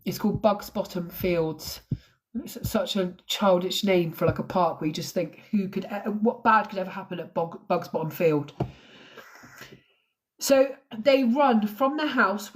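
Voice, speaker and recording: An English woman hosting a live true crime stream, telling the story emotionally and close to tears, pausing to thank viewers. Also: medium pitch.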